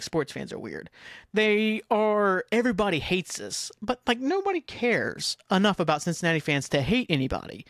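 A middle-aged man hosts a solo podcast, rambling in a scattered, self-mocking way with plenty of profanity. His voice sits on the high side with a fairly bright tone, recorded in studio quality with no echo.

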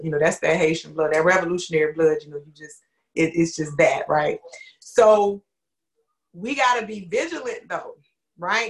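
A woman hosting a panel discussion on a video call, speaking to the audience directly and in an animated way. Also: mid-range voice. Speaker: discussion host.

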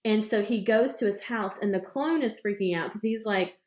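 A woman's voice: mid-range voice, normal speed, a little mellow. Female podcast co-host, mid-range voice, loose and chatty, fillers and swearing, roomy sound. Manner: rambling, chatty retelling with lots of "like" and casual swearing. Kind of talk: casual chat.

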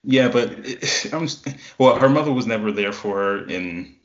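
A man's voice: on the low side, lively intonation, moderate pace. A man co-hosting a casual podcast chat about a TV series, often stumbling and restarting his sentences. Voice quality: hesitant, stammering restarts. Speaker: podcast co-host. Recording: roomy, dull lo-fi sound.

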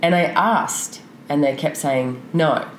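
A woman guest on a podcast talks openly and frankly in a candid conversational interview, rambling with plenty of fillers. Her voice is low and she takes it slowly, in an echoey room with faint noise.

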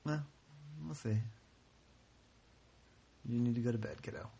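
Gravelly-voiced man telling a bedtime story. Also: medium pitch, measured pace, mellow, a little hiss or hum.

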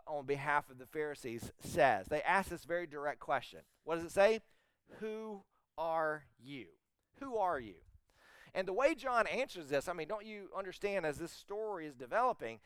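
A middle-aged man preaches with animated emphasis, often asking his listeners rhetorical questions. His voice is smooth and resonant, a little higher than most men's. The sound is dry, with no room echo. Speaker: pastor. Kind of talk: sermon.

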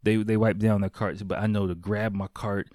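Low-voiced guy rambling through a story, swearing a lot, dry close sound. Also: level tone, moderate pace, a little mellow, no echo. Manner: profane, rambling, lots of fillers. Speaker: vlogger. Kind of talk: casual storytelling monologue. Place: home in Japan.

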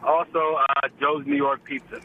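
A man's voice: on the high side, flat delivery, normal speed, sharp tone. A man calling in to a radio show, terse and easygoing as he names his orders. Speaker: caller. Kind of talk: phone call to a radio show. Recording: muffled phone line with faint noise.

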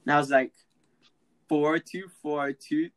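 A teenage boy tells a prank story on a casual mini podcast with a fairly high voice. He is excitable and slangy, and he keeps slipping into voices for the people in the story. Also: slow pace, rough recording. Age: teens. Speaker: podcast host.

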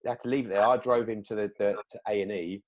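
A man telling a story in casual chat, animated, acting out quoted lines with big jumps in pitch. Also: fast talker.

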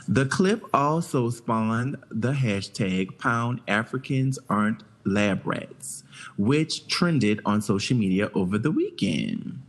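Male podcast co-host, unhurried delivery, stumbling news reader. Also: medium pitch. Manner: slow halting reading with restarts and laughs. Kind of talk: casual chat, reading news aloud.

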